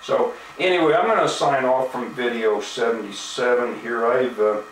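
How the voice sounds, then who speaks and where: A man's voice: medium pitch, normal speed, a little hiss or hum. A man delivering an angry, profane video-blog rant, full of indignation and "you know" fillers. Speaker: video blogger. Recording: echoey room, mic at a distance.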